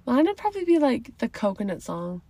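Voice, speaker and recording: A woman's voice: a little high, sing-song, a little fast, mellow, no room sound. A young woman co-hosting a casual chat podcast, giggly and bubbly, talking with lots of "like". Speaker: podcast co-host.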